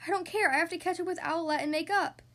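A woman's voice: very high-pitched, quick pace, fairly bright tone, voice pushed up. A woman voicing an impulsive young boy superhero in a storybook. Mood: eager.

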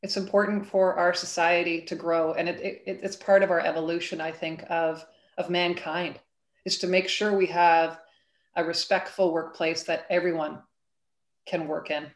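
A woman's voice: on the low side, level tone, moderate pace. A woman author speaking as a guest in a casual interview, earnest and thoughtful, with frequent fillers.

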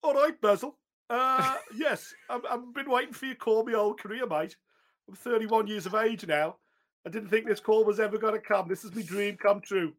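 A man's voice: high voice, moderate pace, fairly bright tone. A man voicing an eager young male fighter with a put-on Australian accent, boastful and keen.

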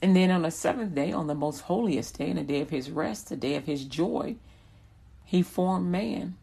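A woman's voice: fairly low pitch, moderate pace, gravelly, mellow, husky, poor audio. A woman preaching a sermon with rhythmic repetitions that build in intensity.

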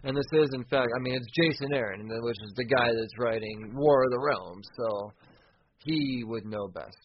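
A man hosting a podcast, recapping a comic book casually, excitable and profane, often restarting sentences. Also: medium pitch, moderate pace, dull audio, slight background noise. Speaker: podcast host.

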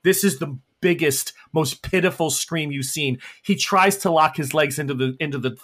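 A man's voice: fairly high pitch, normal speed, fairly bright tone. A man narrating as game master, setting scenes dramatically and vividly.

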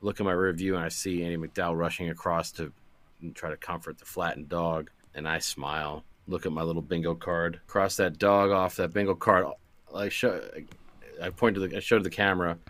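A man's voice: low voice, level tone, normal speed, a bit bright. A man co-hosting a comedy podcast, telling absurd improvised stories in a playful way. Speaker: podcast co-host. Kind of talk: comedic movie-riff chat.

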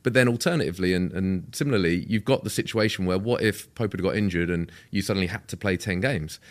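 A man, a football agent and podcast guest, telling stories in a casual chat and quoting past conversations. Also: deep voice. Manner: rapid, explanatory, with quoted dialogue.

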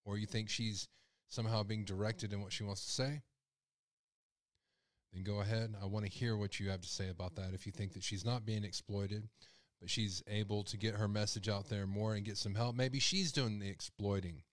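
A man's voice: fairly low pitch, fairly even intonation, moderate pace, no echo, studio quality. A man hosting a live call-in show, speaking with raw emotion and his voice rising when he is upset. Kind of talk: live-stream commentary.

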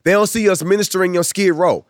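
A man's voice: high voice, steady tone, fast, no room sound, studio quality. A man who works as a minister and speaker, talking emphatically in a casual conversation and building long repeated lists like a preacher.

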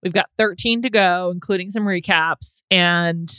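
A woman's voice: on the low side, clean tone, no room sound. A young woman co-hosting a podcast, chatting casually and laughing easily. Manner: chatty, animated, quick to laugh. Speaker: podcast co-host. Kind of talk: casual chat.

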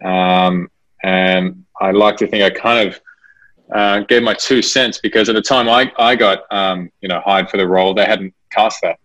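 A man's voice: low-pitched, fairly even intonation, moderate pace, a bit bright. A man, an actor being interviewed, talking casually and hesitantly with many fillers and restarts. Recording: dull lo-fi recording.

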